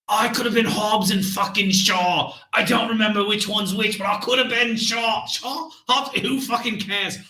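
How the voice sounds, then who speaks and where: A man's voice: sits high, pushed and bright, reverberant, pitched above the performer's own voice, exaggerated voice. A man doing a swearing British mercenary. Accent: put-on British. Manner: profane, boastful ranting. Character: foul-mouthed British male mercenary soldier, bitter and boastful.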